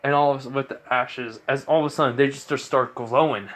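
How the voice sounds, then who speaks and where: A man's voice: mid-range voice, steady tone, a little fast, a bit bright. A man improvising a fan-fiction story aloud, rambling with many fillers and self-corrections.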